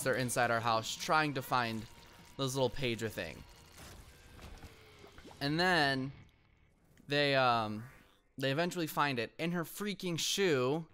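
A man's voice: mid-range voice, pushed and bright. A young man hosting a gaming channel, telling a story in a rambling casual way with lots of ums while playing. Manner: rambling, frequent ums, bursts of frustration at the game. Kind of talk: casual gameplay commentary and storytelling. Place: at home.

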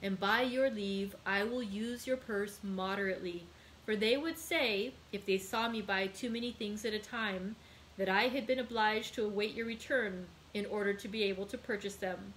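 A woman reading aloud, voicing a frail, gentle elderly father in a slow, soft manner. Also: medium pitch, slight background noise, natural voice, low-quality recording.

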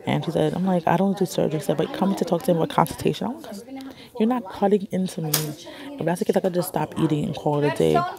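A woman's voice: fairly low pitch, fast, vocal fry, crowd noise. A young woman chatting casually on a phone vlog in a hospital waiting area, rambling and laughing often. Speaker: vlogger. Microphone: phone camera held in hand.

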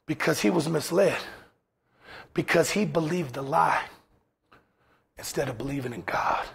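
A man's voice: fairly high pitch, a little slow, vocal fry, breathy edge. A man preaching a sermon as pastor in a church, impassioned, firing rhetorical questions and acting out quoted voices.

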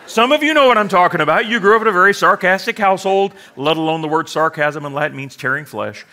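Bright-voiced joking male pastor. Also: high voice, animated, fast. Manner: humorous, sarcastic asides, acts out quoted voices. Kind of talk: sermon.

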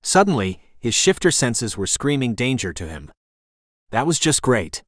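A man's voice: medium pitch, big pitch swings, normal speed, a bit bright, dry recording, clean studio sound. Dramatic male audiobook narrator. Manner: tense, dramatic storytelling. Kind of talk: scripted narration.

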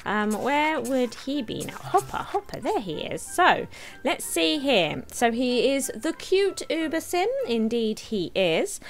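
A high-pitched woman with a very lively, sing-song delivery, chattering excitedly as she plays a cozy game. She gasps and giggles often, and faint game music plays under her voice. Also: unhurried. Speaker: game streamer. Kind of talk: let's play commentary.

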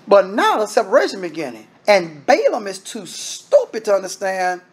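Husky, lively man preaching a sermon. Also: sits high, moderate pace, hardly any pauses. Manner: emphatic, repetitive, rhetorical questions to the congregation; addresses listeners directly as brethren.

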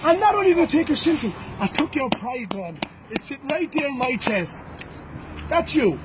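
An Irish man with a strikingly high voice that swings up and down a lot delivers a fighter's recorded challenge. He taunts and threatens, circling back to the same names and phrases again and again. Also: sing-song, moderate pace, noisy background. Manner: taunting and threatening, repeats names and "boys" often. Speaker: bare-knuckle fighter.

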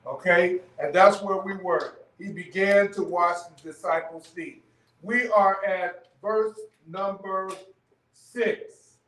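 A man leads a church Bible study in a loose, conversational way, stopping often to ask "okay?" His voice sits high. He is heard from a distance, and the room echoes around him. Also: takes it slowly, a bit bright. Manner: conversational teaching, frequent "okay?" checks. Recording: echoey room, mic far off.

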